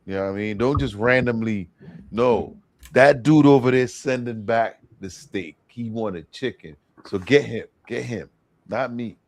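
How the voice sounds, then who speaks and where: A man's voice: medium pitch, a little slow. A man co-hosting a podcast in casual chat, telling stories and acting out quotes. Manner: lively storyteller, acts out quotes.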